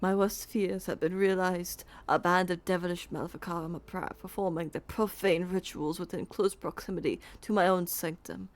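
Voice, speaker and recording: A self-important mage declaiming in lofty, stilted formality, as a woman reads him out. The voice stays fairly quiet and low, a game quest notice given a grand air. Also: steady tone, moderate pace, hardly any pauses, lightly acted. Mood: pompous.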